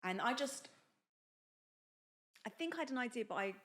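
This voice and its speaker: A young woman, co-hosting a casual podcast. Her voice is bright and clear, and she talks in a lively, chatty way. She tells her story by acting out what each person said. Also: on the high side, moderate pace. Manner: chatty, animated, acts out quoted dialogue. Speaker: podcast co-host.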